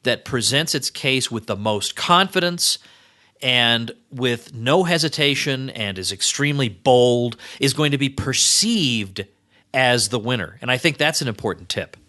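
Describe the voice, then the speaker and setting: Bright-toned male host, energetic interviewer. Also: mid-range voice, a little slow. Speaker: podcast host. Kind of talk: casual interview.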